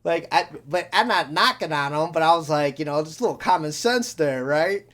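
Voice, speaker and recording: A man's voice: a little high, expressive, a little fast, a bit bright. A young man co-hosting a podcast, telling rambling stories in casual chat and acting out the voices of the people he quotes. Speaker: podcast co-host.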